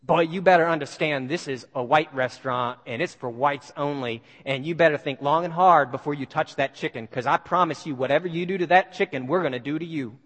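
A man's voice: on the high side, brisk, few pauses, a bit bright. A man voicing threatening bigoted thugs who jeer and make threats. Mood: menacing. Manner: jeering, threatening. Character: menacing male Klan thugs, loud and threatening. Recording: long hall reverb.

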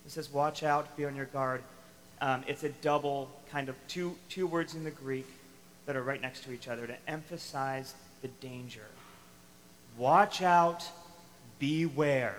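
A man preaching a sermon to a congregation, animated and emphatic, acting out the lines he quotes. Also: medium pitch, measured pace, in a large hall, slight background noise, poor audio. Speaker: pastor.

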